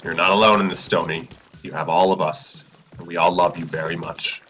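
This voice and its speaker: A man voicing a loving middle-aged caveman father who comforts his son in a soft, low voice. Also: level tone, a little fast, soft background music, poor audio. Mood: tender.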